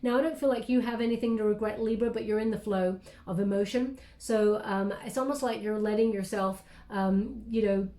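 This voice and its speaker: Soft-spoken woman giving a tarot reading. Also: medium pitch, fairly even intonation, a little fast, hardly any pauses, roomy sound. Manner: gentle, hesitant, many ums, thanks her spirit guides. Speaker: tarot reader.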